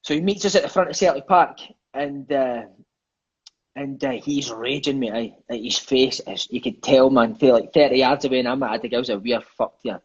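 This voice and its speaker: A man's voice: mid-range voice, normal speed, husky, lo-fi sound. A Scottish man in his thirties, a former footballer telling stories in a casual chat. He swears freely and keeps dropping in "mate" and "eh". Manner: lively, swears freely, peppers speech with "mate" and "eh".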